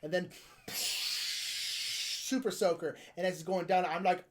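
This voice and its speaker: A man playing a board game and improvising a playful in-character story, jumping between loud shouts and whispered asides. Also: sits high, fairly even intonation, a little slow.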